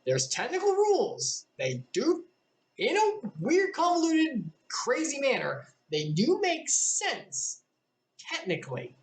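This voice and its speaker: A woman's voice: high-pitched, wildly swooping pitch, slow. A woman streamer chatting casually between readings, wandering into tangents and apologizing for them. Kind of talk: casual chat and reading aloud.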